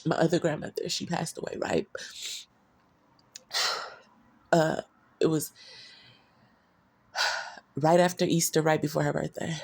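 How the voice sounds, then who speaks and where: A woman's voice: sits low, level tone, takes it slowly, vocal fry, pauses often, breathy edge. A woman talking casually into her phone camera, telling personal stories in a rambling, candid, profane way, full of slang. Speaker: vlogger.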